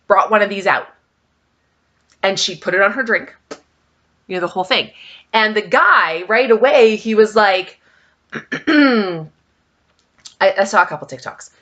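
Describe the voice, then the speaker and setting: Woman vlogger, bright voice, chatty storytelling, emphatic asides. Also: medium pitch. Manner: chatty storytelling, many fillers. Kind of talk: casual vlog chat.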